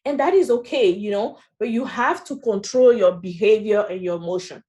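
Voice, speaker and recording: A woman's voice: medium pitch, normal speed, warm tone. A woman with a French accent presenting a training session in a chatty way, often adding "you know" and "right?". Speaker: workshop presenter.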